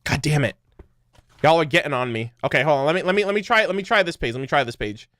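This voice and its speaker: High-voiced, joking young streamer man. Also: lively intonation, quick pace, a bit bright, dry recording, clean studio sound. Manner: rambling, joking, laughs often; swears casually. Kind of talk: casual livestream chat.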